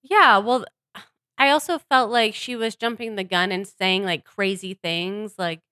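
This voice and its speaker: A woman with a bright, forceful tone co-hosts a casual chat podcast, recapping events with easy fillers. The sound is dry and close to the mic. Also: mid-range voice, normal speed, clean tone, no echo. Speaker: podcast co-host.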